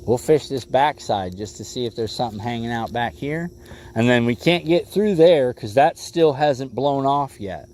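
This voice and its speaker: A man's voice: medium pitch, moderate pace, darkish tone, slight background noise. A man hosting a casual fishing livestream from a boat, laid-back and calling viewers "bro" and "bud.". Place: outdoors on a boat on a lake.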